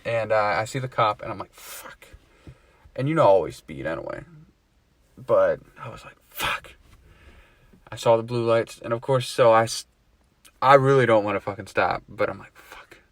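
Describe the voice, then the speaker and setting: A man in a relaxed chat tells a rambling story, swearing freely and breaking into laughter at himself. His voice sits at an average pitch and is recorded close and dry, with no room sound. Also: a little fast, dry recording. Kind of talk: casual storytelling among friends.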